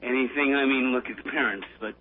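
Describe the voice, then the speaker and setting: A man in casual political chat, rambling and halting, often breaking into nervous laughter. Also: mid-range voice, slightly rough. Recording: tinny phone-line audio.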